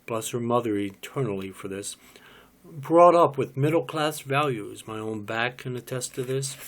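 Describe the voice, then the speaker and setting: A man's voice: medium pitch, moderate pace, close to an everyday voice. A man voicing a wry old rabbi father. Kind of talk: cold reading of a stage play.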